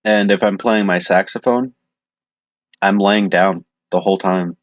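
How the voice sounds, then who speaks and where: A man's voice: low-pitched, fairly even intonation, unhurried, no room sound, lo-fi sound. A young man co-hosting a casual podcast, laid-back, swearing and laughing a lot. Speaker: podcast co-host. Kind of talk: casual chat.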